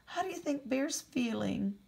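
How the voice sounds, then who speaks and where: A preschool teacher, a woman, reading a picture book aloud to young children, gently asking them questions and explaining words. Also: high voice, lively intonation, unhurried, creaky, breathy edge.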